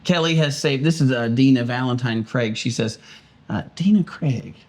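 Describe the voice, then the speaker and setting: A man's voice: medium pitch, moderate pace, a little mellow. A man, a pastor, co-hosting a casual podcast chat with a joking, playfully defensive manner.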